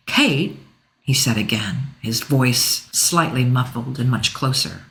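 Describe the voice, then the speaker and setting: A woman narrating a first-person romance audiobook in an expressive, emotional reading. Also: extremely low pitch.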